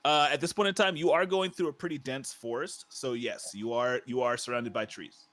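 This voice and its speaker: A man's voice: mid-range voice, steady tone, moderate pace, a bit bright. A man acting as game master, narrating a tabletop fantasy game and explaining the rules in a loose, conversational way.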